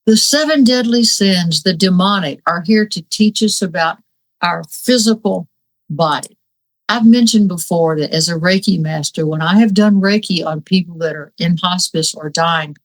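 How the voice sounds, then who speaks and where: A woman's voice: mid-range voice, poor audio. A woman and Reiki master talking on a spiritual talk show, fiery, earnest and plain-spoken.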